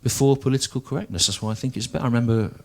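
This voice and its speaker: Dry, deliberate stand-up comedian, forties. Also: male voice, mid-range voice, gravelly. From English Midlands. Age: 40s.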